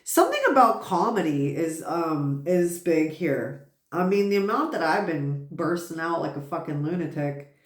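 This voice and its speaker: A woman's voice: deep voice, animated, normal speed, echoey room. A woman giving a casual tarot reading, rambling and swearing, who keeps bursting out laughing. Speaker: tarot reader.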